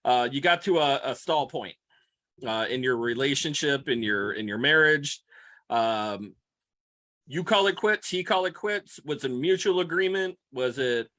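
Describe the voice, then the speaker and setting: A man's voice: mid-range voice, animated, a little slow, bright, forceful tone. A man interviewing a guest on a podcast, hesitant with many fillers. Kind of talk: casual interview.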